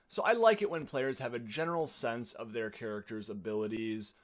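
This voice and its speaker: A man presenting tips for players in an instructive, clear way, played from a video. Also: medium pitch, brisk. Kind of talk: explanatory advice talk.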